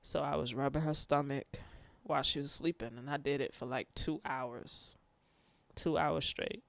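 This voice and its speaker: A man speaking haltingly, fighting back tears as he talks about his grief. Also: medium pitch, fairly even intonation, vocal fry, fairly bright tone, no room sound. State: tearful. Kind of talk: personal testimony on grief.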